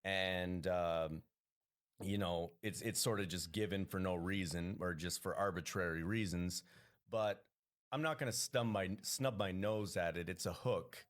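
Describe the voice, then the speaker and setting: A man's voice: low voice, a little slow. A Canadian man, a comedian, talking casually as a podcast guest, rambling with many restarts.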